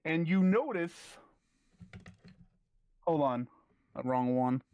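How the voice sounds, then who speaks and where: A man narrating as game master, talking in halting bursts and often repeating his words. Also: fairly high pitch, animated, clean tone, muffled recording.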